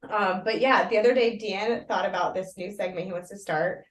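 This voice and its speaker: A woman co-hosting a casual podcast with her husband, lively and laughing often. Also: medium pitch, a little fast, recorded from a distance. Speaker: podcast co-host. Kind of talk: casual chat. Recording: roomy sound, a bit off-mic.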